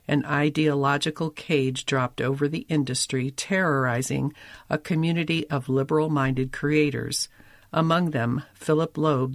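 A man giving scripted narration of a magazine feature, with a measured, articulate reading and wry emphasis. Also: medium pitch, dry recording, studio quality.

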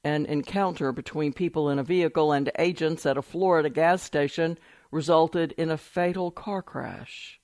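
A man reads a news report aloud in a steady, measured voice that sits a little high for a man. The sound is close and dry, with no room around it. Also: no room sound. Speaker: news article reader.

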